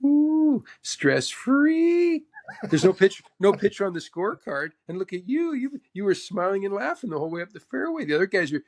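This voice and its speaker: A man's voice: high-pitched, big pitch swings, normal speed, a little mellow, pitched above the performer's own voice, exaggerated voice. A man impersonating a quirky older male golf legend who talks in a sing-song way, starts lines with "ooh", repeats phrases and calls people "pal". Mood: gleeful.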